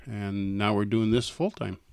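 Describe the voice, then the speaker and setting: An older man from North Dakota tells stories in an easygoing, folksy manner. His voice is lowish and smooth, and it sounds close and dry, with no room around it. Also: fairly even intonation, a little slow, darkish tone, no echo. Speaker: guest. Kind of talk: casual interview chat.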